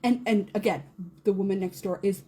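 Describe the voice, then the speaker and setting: A woman in her thirties, a podcast co-host, telling a chaotic morning story in a casual, animated way, often laughing and acting out quotes. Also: fairly quick, breathy edge. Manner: animated, laughing, acts out quotes in a high squeal.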